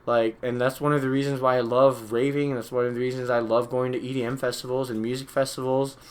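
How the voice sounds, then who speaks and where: A man's voice: mid-range voice, little pitch movement, fast. A young man from Utah, a DJ hosting a live stream, rambling through a story in casual chat, full of "like" and "you know".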